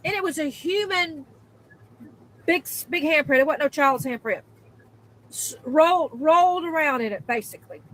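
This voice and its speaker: High-voiced woman in a profane rant. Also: lively intonation, normal speed, slight background noise, rough recording. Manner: profane, exasperated, emphatic; spikes into loud high outbursts. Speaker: worker venting in a video clip. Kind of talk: angry storytelling rant.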